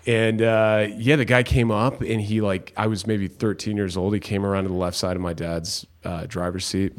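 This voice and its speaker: A young man hosting a casual chat, often affirming his guest and growing animated when he tells his own stories. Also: fairly low pitch, normal speed.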